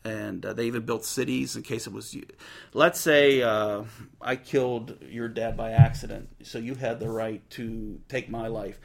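Husky guy doing laid-back bible teaching, kinda gravelly, retells the story in plain slang. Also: medium pitch, steady tone, a little slow. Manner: conversational, retells scripture in everyday slang.

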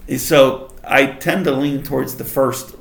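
Gravelly man explaining scripture casually. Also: medium pitch, fairly even intonation, unhurried, reverberant. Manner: reads scripture aloud and explains it conversationally. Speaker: Bible teacher. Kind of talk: casual Bible study talk.

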